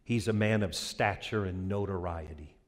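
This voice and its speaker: A man pastor giving an impassioned, animated sermon with vivid storytelling. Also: deep voice, normal speed.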